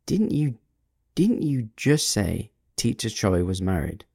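A man voicing a frightened, confused woman teacher who insists shakily on what she heard, higher than his own voice. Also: normal speed, gravelly, dark tone, breathy edge, no room sound, studio quality. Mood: confused, insistent. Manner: trembling yet insistent.

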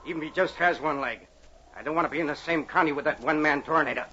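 A man's voice: a little high, racing, lightly acted. An actor playing a nervous, cowardly henchman with a sore jaw and whiny backwoods talk in an old radio drama. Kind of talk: 1950s radio drama acting. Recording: dull old radio broadcast with hiss.

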